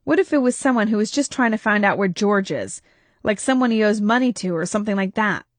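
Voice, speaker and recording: A woman voicing a tired, worried husband who talks quietly and soothingly. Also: medium pitch, brisk, dry recording, lightly acted. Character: weary worried husband, gentle and protective.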